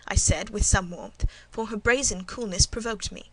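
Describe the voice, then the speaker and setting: A woman narrates a classic novel in the first person with an even, measured delivery. Her voice sits at a middle pitch for a woman. It has the steady pacing of a scripted audiobook. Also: a little hiss or hum, poor audio.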